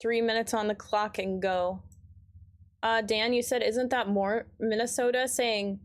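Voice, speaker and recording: Young Midwestern woman, game streamer, rambly casual chat, a bit high-voiced. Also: fairly even intonation, measured pace. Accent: Midwestern American. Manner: rambling, filler-heavy, reads chat aloud. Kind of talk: casual chat while gaming.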